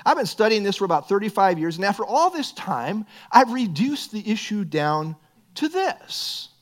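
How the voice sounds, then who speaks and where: A man's voice: high voice, sing-song, normal speed. A middle-aged man preaching a sermon as pastor, earnest and building to emphatic bursts.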